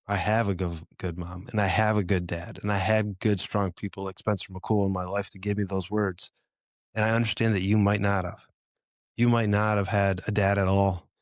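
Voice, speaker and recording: A man's voice: lowish voice, no room sound, clean studio sound. A middle-aged man hosting a podcast, giving earnest, encouraging advice to fathers in a direct way. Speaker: podcast host. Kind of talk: motivational talk to fathers.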